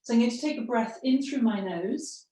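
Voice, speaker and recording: A woman's voice: on the high side, expressive, normal speed, warm tone. A middle-aged woman voice coach leading a breathing workshop, demonstrating and encouraging the audience through exercises. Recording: roomy sound, off-mic.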